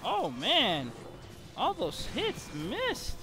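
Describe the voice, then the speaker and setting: A man giving excitable gameplay commentary while sick with a bad cough, breaking into frequent exclamations. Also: very high voice, drawn-out words, over music. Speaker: gamer.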